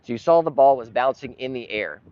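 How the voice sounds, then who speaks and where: A man doing partisan play-by-play for his club's live stream, getting frustrated and sometimes yelling at calls. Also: medium pitch, expressive, a little fast, clear, resonant tone. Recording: dull lo-fi live stream audio with noise.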